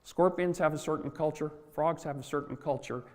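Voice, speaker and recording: A man's voice: a little high, fairly quick. Folksy man in his sixties, hall echo. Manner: folksy, anecdotal, with fillers. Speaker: conference speaker. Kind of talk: motivational talk with storytelling. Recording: long hall reverb.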